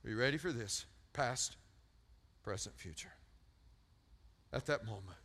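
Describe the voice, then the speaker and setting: A male pastor preaching a sermon, animated and storytelling, repeating words for emphasis and swinging from loud peaks to hushed lines. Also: mid-range voice, a little slow, breathy edge.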